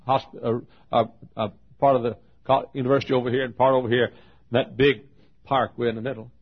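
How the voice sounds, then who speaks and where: An older man, a pastor, preaching a sermon with a loud voice and lively storytelling. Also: medium pitch, a little fast, husky. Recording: dull lo-fi sermon recording.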